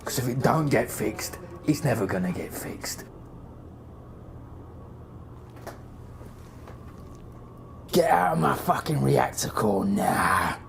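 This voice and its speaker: A man's voice: mid-range voice, sing-song, moderate pace, vocal fry. An actor playing a foul-mouthed, bossy Cockney man who swears and barks orders. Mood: gruff. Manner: swearing, barking orders, threatening. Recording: clip with loud music behind.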